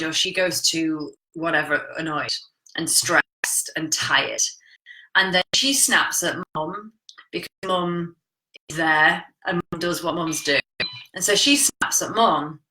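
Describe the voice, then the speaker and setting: A woman's voice: lowish voice, sharp tone, echoey room, low-quality recording. A woman coaching viewers on relationships and communication in a frank, chatty live talk, swearing casually. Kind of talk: live-streamed talk reading viewer comments.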